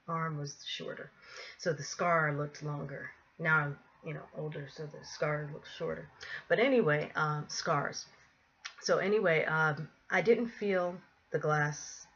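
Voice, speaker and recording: A woman's voice: low-pitched, a bit bright, lo-fi sound. A woman casually telling a personal story to camera, rambling with many ums and asides and laughing easily.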